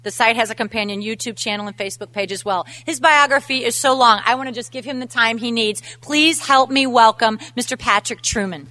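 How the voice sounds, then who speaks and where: A woman's voice: fairly high pitch, a little fast, few pauses, sharp tone, slight background noise. A woman reading a formal introduction of a guest speaker at a conference. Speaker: event host introducing a speaker.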